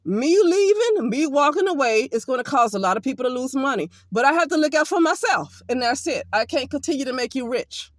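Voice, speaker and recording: Woman, high voice, blunt and emphatic, casual vlog rant, dry close sound. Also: lively intonation, a little fast, few pauses, no echo. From Alabama, US. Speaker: occupational therapist.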